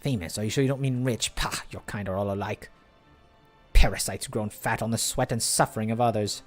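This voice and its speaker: A man reads out a sixteen-year-old boy who sneers at the wealthy, his voice pitched low and kept quiet. The delivery is scornful and close to the mic, read aloud over a game with faint music behind it. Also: fairly quick, natural voice. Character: scornful teenage boy, sixteen, contemptuous of the rich.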